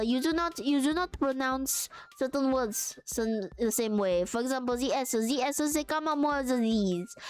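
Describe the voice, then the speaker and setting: A woman putting on a playful mock French accent, halting and full of restarts as she explains how it works. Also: mid-range voice, clean tone, pitched below the performer's own voice, full character voice.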